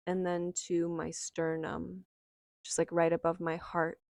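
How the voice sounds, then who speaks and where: A young woman slowly and softly telling a personal memoir, reflective and unhurried, with lingering pauses. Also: fairly low pitch, no room sound, studio quality. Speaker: storyteller.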